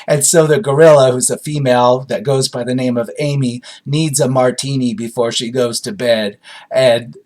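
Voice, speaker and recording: Man, mid-range pitch, casual rambling film-review monologue, amused and loose. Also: fairly even intonation, normal speed, a little mellow. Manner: rambling, amused, many fillers and restarts. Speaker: movie reviewer.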